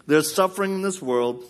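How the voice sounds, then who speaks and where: A man preaching at a live church service in an ordinary, middle-pitched voice. He tells stories with lots of laughter and acts out the people in them. His voice jumps up high when he gets excited. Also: very noisy. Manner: animated, laughing storyteller who acts out quoted voices. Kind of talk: storytelling sermon.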